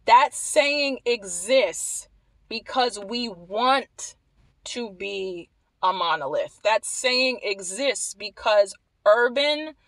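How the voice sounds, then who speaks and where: A woman's voice: fairly high pitch, expressive, very slow, a bit bright, dry recording, low-quality recording. A woman vlogger delivering emphatic opinion commentary, pressing her points with rhetorical questions.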